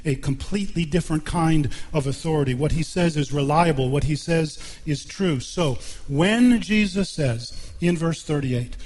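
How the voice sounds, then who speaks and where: A man's voice: fairly high pitch, moderate pace, few pauses, darkish tone, slight background noise. A man preaching a sermon in a church, earnest and emphatic, often repeating himself. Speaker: pastor.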